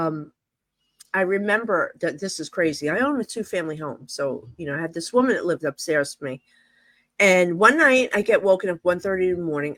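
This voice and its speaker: A woman's voice: mid-range voice, a bit bright, dry recording. A middle-aged woman from New Jersey, a psychic medium telling stories in a casual interview, rambling and full of fillers like "you know".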